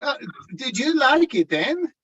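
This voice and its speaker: Brief: man reading a nervous young genius, bright voice, stammering. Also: extremely high pitch, sing-song, unhurried, dull audio, full character voice. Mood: flustered. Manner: hesitant, full of "uh"s. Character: young male composer, flustered and eager. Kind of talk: table-read acting.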